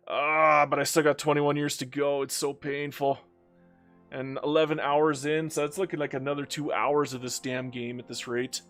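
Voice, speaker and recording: A man's voice: fairly high pitch, level tone, measured pace, fairly bright tone, soft background music. A young man commenting on his own strategy game during a long live stream, talking to himself and the game, groaning and joking, worn out after many hours of play.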